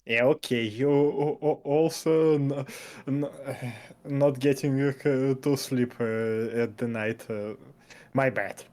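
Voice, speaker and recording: A man's voice: mid-range voice, fairly even intonation, takes it slowly, darkish tone. A man whose first language is Russian, chatting hesitantly and searching for words. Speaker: stream guest. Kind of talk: casual chat.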